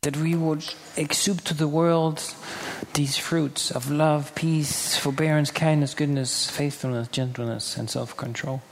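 A man's voice: on the high side, fairly even intonation, unhurried, creaky, a little hiss or hum. A man preaching a sermon earnestly, acting out quoted people now and then, in a church hall. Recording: hall reverb with faint ambience.

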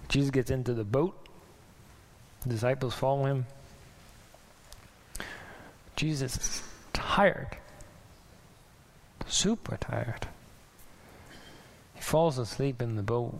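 A man's voice: mid-range voice, slow pace, pauses often. A man preaching a casual, chatty sermon who laughs often, with a faint hiss on the recording. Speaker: pastor.

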